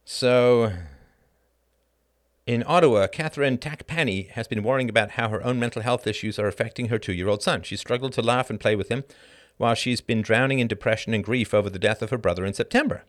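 A middle-aged man hosting a live show, reading an article aloud and breaking off into sarcastic, emphatic commentary whose pitch climbs sharply when he gets indignant. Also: quick pace, hardly any pauses, fairly bright tone. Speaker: podcast host.

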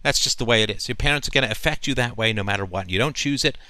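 A man's voice: medium pitch, rapid-fire, bright, forceful tone, dry recording. A male host talking emphatically in a long, flowing monologue, often checking in with "right?". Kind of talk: call-in conversation.

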